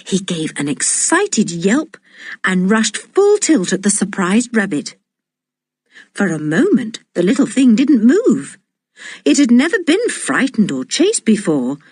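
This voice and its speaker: A woman reading a children's adventure audiobook aloud in a slow, deliberate and expressive way. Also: medium pitch, slightly rough, no room sound, studio quality. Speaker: audiobook reader. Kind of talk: storybook narration.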